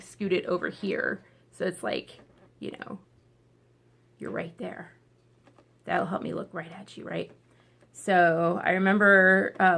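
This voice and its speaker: Low-ish and bright with vocal fry, a woman's voice addresses her camera in a casual vlog. She is chatty and emotional, teary from crying, and drifts through many fillers and tangents.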